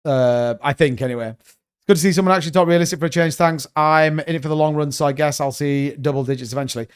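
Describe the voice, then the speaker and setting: A man's voice: on the high side, quick pace, clean tone. A man hosting a crypto livestream, rambling and blunt, cursing freely in casual chat.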